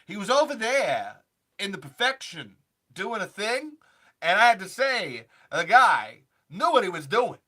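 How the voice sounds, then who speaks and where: A man doing a quirky, halting oddball. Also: high voice, pushed and bright, heavily acted. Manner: odd halting phrasing, offbeat pauses. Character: quirky halting man rambling about desert worms. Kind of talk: comic impression.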